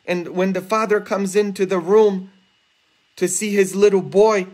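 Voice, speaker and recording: A man preaching a homily, earnest and emphatic, rising high and intense for rhetorical questions. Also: fairly even intonation, measured pace, a little mellow. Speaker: priest. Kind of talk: sermon. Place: church, livestreamed.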